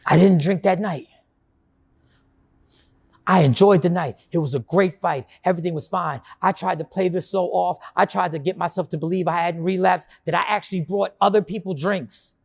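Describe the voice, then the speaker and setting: A man's voice: high voice, moderate pace, creaky, pauses often, darkish tone. A man telling a personal story in a monologue, acting out his past self and his inner voices. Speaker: storyteller recounting his own experience.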